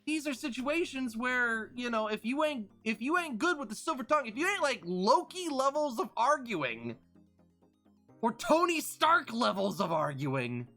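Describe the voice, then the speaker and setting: A man live streaming, telling a rambling story in a casual, animated way to his chat. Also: very high-pitched, normal speed, soft background music. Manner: animated, rambling, full of restarts and fillers.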